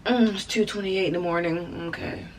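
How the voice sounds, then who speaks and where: A woman's voice: fairly low pitch, steady tone, moderate pace, distant mic, slight background noise. A woman hosting a reaction video, chatting casually straight to her viewers with lots of asides.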